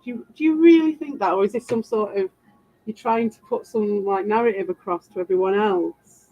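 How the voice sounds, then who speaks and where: A woman's voice: mid-range voice, brisk, mellow, soft background music. A British woman livestreaming and answering her chat, rambling defensively and tossing in sarcastic asides. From Britain. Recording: dull lo-fi sound.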